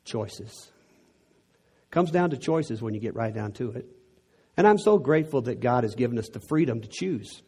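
A man's voice: mid-range voice, animated, normal speed, a little mellow, breathy edge. A middle-aged man from Texas with a Texan accent, preaching a sermon in an earnest way that builds to emphatic peaks.

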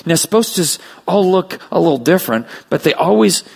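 Animated gravelly male preacher. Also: high-pitched, fairly quick. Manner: animated preaching with acted voices of children. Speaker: pastor. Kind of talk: sermon.

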